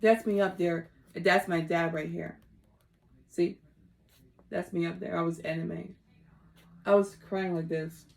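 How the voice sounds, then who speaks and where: A woman talking to camera in a personal vlog, halting and emotional, with simple, repetitive phrasing that often sinks to a soft whisper. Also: on the low side, steady tone, vocal fry. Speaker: vlogger.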